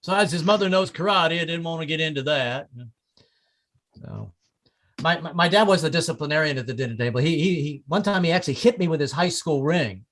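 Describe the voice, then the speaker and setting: Man, stand-up comic, stammers and repeats himself, bright tense voice, slightly high. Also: fairly quick. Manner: stammering, repeats words, does shouted voices for relatives. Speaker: open mic comedian. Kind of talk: stand-up comedy set. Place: small comedy club with audience.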